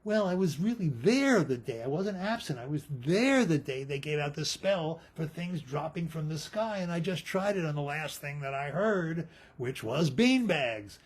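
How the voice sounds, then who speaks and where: Guy voicing a fussy sorceress explaining herself, higher and husky. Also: animated, normal speed, few pauses. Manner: earnest, explaining. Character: flustered female sorceress.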